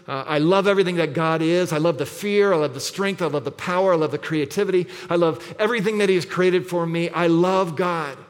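Man preaching with a higher voice, lingering hall echo. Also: brisk, few pauses. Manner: emphatic, with repeated scripture and rhetorical questions. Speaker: pastor. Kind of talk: sermon. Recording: long reverb of a large hall.

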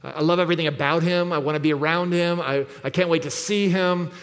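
Brief: male pastor, slightly high voice, emphatic sermon delivery, reverb of a large church hall. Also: steady tone, brisk. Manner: emphatic, with repeated scripture and rhetorical questions.

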